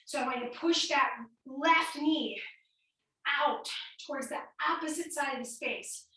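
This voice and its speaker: A high, bright woman's voice coaching a workout class, counting down reps and cueing each move while she exercises along. She sounds a little out of breath, and the sound is very echoey and picked up from a distance across the room. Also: measured pace. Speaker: fitness instructor.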